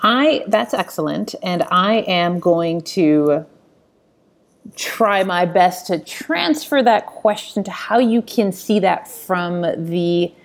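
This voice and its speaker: Low, gravelly-voiced woman host. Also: lively intonation, slow pace. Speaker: interview host. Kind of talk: conversational interview.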